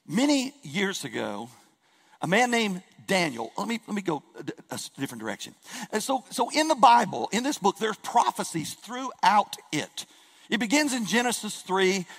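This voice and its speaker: Middle-aged male pastor, high-pitched and lively storyteller, church hall reverb. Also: gravelly. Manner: storytelling, animated, repeats words when excited. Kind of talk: sermon.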